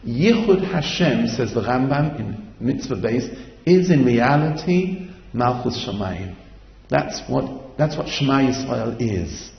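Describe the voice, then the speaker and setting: A man's voice: mid-range voice, animated, takes it slowly, creaky. A man giving an impassioned Torah lecture, mixing Hebrew terms into his English. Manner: impassioned, quotes Hebrew and Yiddish-inflected terms. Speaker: rabbi. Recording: echoey hall, dull lo-fi sound.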